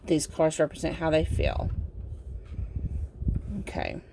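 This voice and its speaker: A woman gives a casual pick-a-card tarot reading in a drowsy, unhurried way. Her fairly low voice has a gravelly edge, and she meanders through her points with plenty of fillers. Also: animated, warm tone, a little hiss or hum. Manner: slow, meandering, with many fillers and laughs. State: sleepy, yawning. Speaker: tarot reader.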